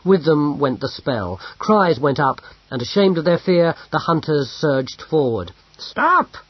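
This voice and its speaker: A man reads a story aloud at a slow, measured pace. His voice is husky, with a medium pitch. The recording is dull and lo-fi. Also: animated, no room sound. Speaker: audiobook narrator. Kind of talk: scripted narration. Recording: dull lo-fi audio.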